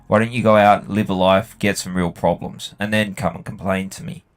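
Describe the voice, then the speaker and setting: A man's voice: low voice, fairly even intonation, moderate pace. A young Australian man chatting bluntly and swearing freely while he plays a game. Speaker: gaming video host. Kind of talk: casual chat while playing.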